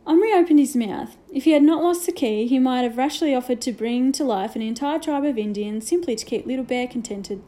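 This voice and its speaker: Mellow woman reading a storybook. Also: high voice, a little fast, few pauses. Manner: gentle storytelling with hushed asides. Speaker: reader. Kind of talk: reading a children's novel aloud.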